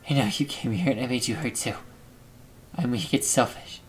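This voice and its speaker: A man reading aloud the lines of a sad, shy teenage girl from a visual novel game, in a quiet, subdued way. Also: medium pitch, moderate pace, faint music behind, lightly acted, poor audio. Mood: hurt, subdued.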